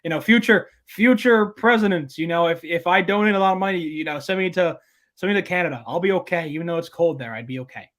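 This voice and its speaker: A man's voice: high voice, fast talker, a bit bright. A young man co-hosting an election-night stream in casual, rambling, joking chat. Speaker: livestream co-host.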